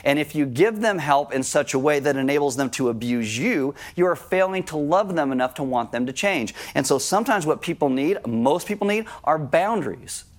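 A man with a somewhat high voice preaches a sermon to his congregation. He talks with them in a conversational way and turns lively when he acts out a scene. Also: normal speed, few pauses. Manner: conversational, addresses congregation directly. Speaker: pastor.

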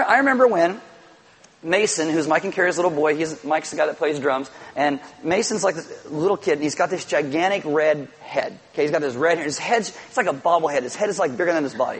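A middle-aged pastor preaches to his congregation, animatedly telling stories and acting out little quotes. His voice is a little high and husky. The recording is rough.

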